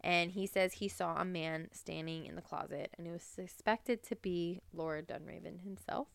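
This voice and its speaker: A woman's voice: on the low side, steady tone, moderate pace, gravelly, no room sound. A young woman co-hosting a podcast, chatting casually through ghost stories with lots of "like" fillers. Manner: chatty, many "like" fillers, breaks into laughter. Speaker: podcast co-host. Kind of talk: casual true-crime and ghost story chat.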